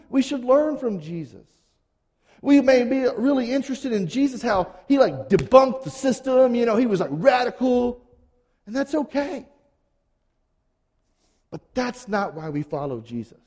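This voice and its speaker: Male pastor, high lively voice, mellow tone, casual sermon style, long hall reverb. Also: moderate pace, pauses often. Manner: conversational, animated, acts out quotes casually.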